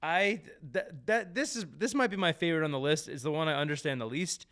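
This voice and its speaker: A man's voice: a little high, fairly quick. Joking New man hosting a podcast. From New Jersey. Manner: animated, stumbling restarts, joking. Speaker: podcast host. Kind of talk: casual chat.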